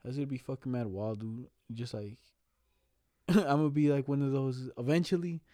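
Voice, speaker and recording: A man's voice: medium pitch, fairly even intonation, normal speed, dark tone, no room sound, clean studio sound. A young man telling stories in casual chat, slangy, laughing as he goes and swearing a lot.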